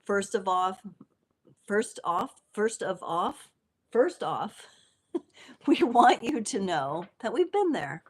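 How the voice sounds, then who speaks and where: A woman's voice: medium pitch, sing-song, slow, long pauses, slightly rough. A woman hosting a live tarot stream, chatting playfully with lots of fillers and easy laughs. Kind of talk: casual live tarot reading.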